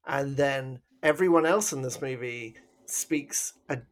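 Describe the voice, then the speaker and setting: Mid-pitched guy on a movie podcast, upbeat and jokey, ribs his cohost. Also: measured pace. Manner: upbeat, teasing, laughs easily. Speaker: podcast co-host. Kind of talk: casual film review chat.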